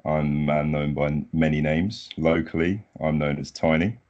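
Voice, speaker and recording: A young man, a podcast guest chatting casually in a relaxed, modest, unhurried way. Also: very deep voice, lo-fi sound. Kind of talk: casual chat.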